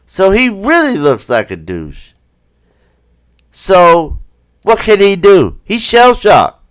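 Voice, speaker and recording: Reacting to footage on his livestream, a man curses freely, keeps quizzing his viewers with rhetorical questions, and voices the people in the clips himself. He speaks slowly in a high voice that swoops wildly in pitch, and there's no echo.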